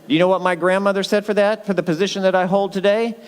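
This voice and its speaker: Male pastor, sermon delivery, slightly high voice, emphatic and jokey, long hall reverb. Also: fairly even intonation, quick pace. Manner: emphatic, conversational and joking.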